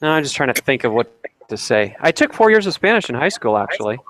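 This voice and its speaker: A man's voice: mid-range voice, sing-song, fast talker, fairly bright tone, no echo. A man in casual chat with friends, hesitantly trying out Spanish phrases.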